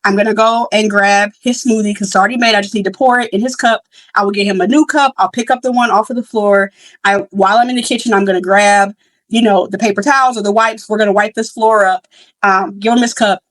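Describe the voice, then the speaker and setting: A woman's voice: medium pitch, steady tone, quick pace, no room sound, poor audio. A young woman hosting a podcast, telling a story in a casual, candid way with many fillers and restarts. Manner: candid and reflective. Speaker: podcast host.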